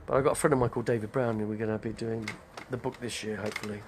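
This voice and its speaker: A man's voice: on the low side, steady tone, racing, darkish tone, a little hiss or hum. An older man, rambling casually on a live stream, chatty and digressive. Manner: chatty, digressive, name-dropping.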